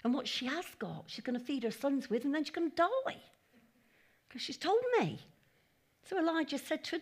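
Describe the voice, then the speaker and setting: A woman's voice: high voice, moderate pace, pauses often. A woman giving a conversational sermon at a church meeting, with chatty asides and acted-out quotes. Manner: chatty, animated, laughing asides, acting out quotes. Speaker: preacher.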